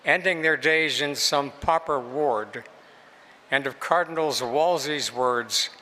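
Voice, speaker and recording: A man giving an unhurried, expressive public reading of literary prose, with measured, lilting phrasing. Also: medium pitch. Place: museum reading space with long reverb. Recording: long hall reverb.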